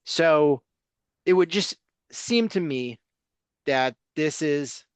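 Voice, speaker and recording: A man co-hosting a sports talk podcast, speaking bluntly and casually, listing names in a steady run. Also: a little high, slow pace, clear, resonant tone, no room sound.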